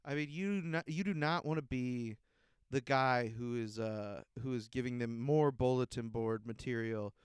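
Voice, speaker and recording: A man's voice: mid-range voice, normal speed, clear, resonant tone, no room sound, studio quality. A man hosting a podcast, ranting in a profane, heated and exasperated way. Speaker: podcast host. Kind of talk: casual ranting monologue.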